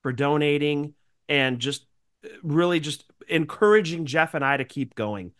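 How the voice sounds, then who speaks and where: A man with a nasal, congested voice from a cold, chatting loosely on a podcast. His voice sits a bit higher than most men's. He talks in a rambling, grateful way. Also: expressive, a little slow, a bit bright. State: sick with a cold. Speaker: podcast co-host. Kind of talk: casual chat.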